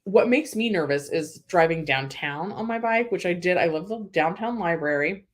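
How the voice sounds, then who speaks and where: A woman's voice: lowish voice, lively intonation, normal speed. A young woman from California hosting a casual livestream, reading viewer comments and chatting with lots of "like" and "um" fillers. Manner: chatty, emotional, many "like" and "um" fillers.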